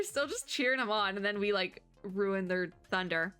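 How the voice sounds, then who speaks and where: A woman's voice: medium pitch, lively intonation, moderate pace, few pauses, sharp tone, soft background music. A woman VTuber reading a game story aloud, with chatty, giggly, playfully sarcastic commentary.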